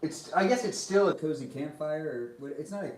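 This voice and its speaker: A man's voice: fairly high pitch, lively intonation, brisk, roomy sound. A man chatting casually on a live stream while eating dinner, reading and answering chat comments between bites. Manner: talks between bites of food.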